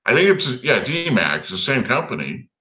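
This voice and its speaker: A man's voice: mid-range voice, sing-song, moderate pace, pushed and bright, low-quality recording. A man co-hosting a casual live stream, goofing around with silly animal calls and impressions.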